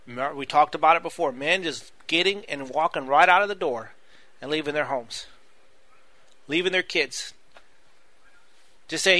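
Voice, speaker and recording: A man's voice: fairly high pitch, moderate pace, long pauses, pushed and bright, no echo. A man preaching a sermon, earnest and repetitive, often addressing the listeners as "my friends".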